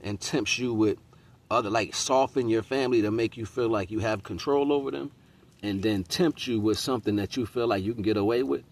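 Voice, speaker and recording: Man, middle-aged, slightly low voice; loose preachy monologue, slangy. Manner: preachy, street slang, repeats "you know what I'm saying". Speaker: host. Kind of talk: casual spiritual monologue.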